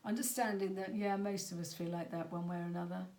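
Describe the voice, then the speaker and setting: A woman's voice: fairly low pitch, fairly even intonation, fast talker, darkish tone. A middle-aged woman, talking to parents as a parenting coach in an earnest, conversational way that sometimes stumbles over words. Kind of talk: talk to parents. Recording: echoey room.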